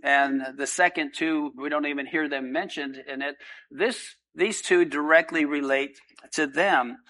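A man, a pastor, praying and then preaching a sermon in an earnest, unhurried way with frequent filler pauses. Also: a little high, sharp tone, low-quality recording.

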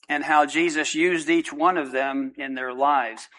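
A man, a pastor, praying and then preaching a sermon in an earnest, unhurried way with frequent filler pauses. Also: fairly high pitch, fairly even intonation, a bit bright, poor audio.

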